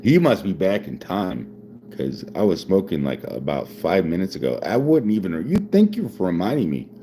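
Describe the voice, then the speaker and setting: A man in his forties talks casually to his live-stream viewers in a very low voice that swings widely up and down. He rambles, stumbles over repeated words and laughs often, loosened up by whiskey. A faint hum of noise sits behind him. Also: very animated, normal speed, warm tone. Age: 40s. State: drinking whiskey while talking.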